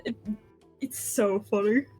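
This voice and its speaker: A woman's voice: medium pitch, slow, darkish tone, slightly rough, faint music behind. A woman playing a character in a tabletop game, playful and giggly as she acts out her lines.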